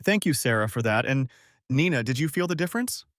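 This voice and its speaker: A man voicing a male film director who speaks gently and in measured tones over hidden nerves. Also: medium pitch, expressive, dry recording, clean studio sound, lightly acted.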